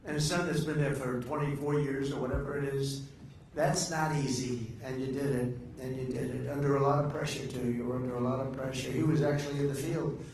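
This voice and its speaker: A man's voice: mid-range voice, fairly even intonation, fairly quick, a little mellow. Older man rambling boastfully in an echoey room. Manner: meandering, boastful, trails off mid-sentence with many uhs. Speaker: speaker addressing a political gathering. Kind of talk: rambling off-the-cuff speech. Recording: echoey room with faint background noise.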